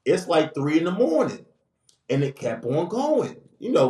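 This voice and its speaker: A man, casually telling a long funny story on a podcast, acting out the people he quotes. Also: moderate pace. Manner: lively, acts out quoted voices with big pitch jumps. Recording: echoey room with faint noise.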